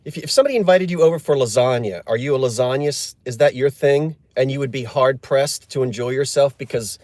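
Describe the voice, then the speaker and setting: A man's voice: mid-range voice, brisk, a little mellow, no room sound. A man chatting casually on a live stream, joking and answering viewer comments. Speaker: livestream host.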